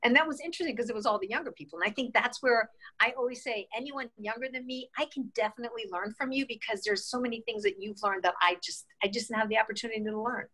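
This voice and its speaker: A woman in her sixties from New York State, an interview guest telling lively stories and acting out the voices she quotes. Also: fairly high pitch, fast. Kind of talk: casual interview storytelling.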